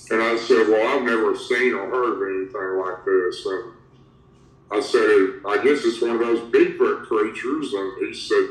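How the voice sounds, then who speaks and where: Low-voiced man telling a story. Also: unhurried. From Tennessee, USA. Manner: rambling, strings events together with "and". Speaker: guest recounting a creature encounter. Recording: roomy, distant from the mic.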